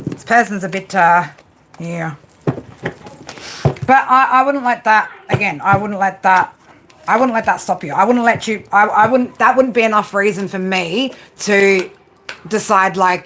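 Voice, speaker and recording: A woman's voice: mid-range voice, a little slow, pauses often. Woman, tarot reader, live reading, profane, emphatic, keeps saying right, faint background noise. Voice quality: blunt and profane, peppers talk with "right?". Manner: emphatic, coaching tone.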